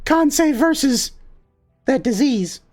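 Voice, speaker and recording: A woman voicing a small, desperate male gingerbread warrior who talks in an excitable, melodramatic way in a tabletop game. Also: high voice, slow pace, soft background music, pitched above the performer's own voice. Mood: feisty.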